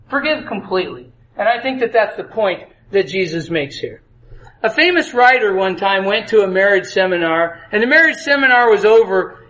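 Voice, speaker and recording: A man delivers a sermon on marriage in a casual, conversational way. His voice sits very high for a man, and he keeps asking his listeners questions and acting out the people in his stories. The room gives his voice a strong echo. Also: a bit bright. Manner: conversational, asks the audience questions; acts out story voices. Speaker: preacher. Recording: echoey room.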